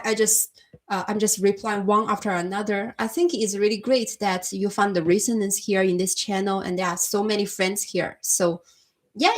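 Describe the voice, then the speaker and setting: A woman from China with a Chinese accent, hosting a casual livestream chat and answering viewers' comments in a soft-spoken way, often calling them her friend. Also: medium pitch. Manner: soft-spoken, frequent restarts and laughs, addresses viewers as my friend. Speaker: livestream host.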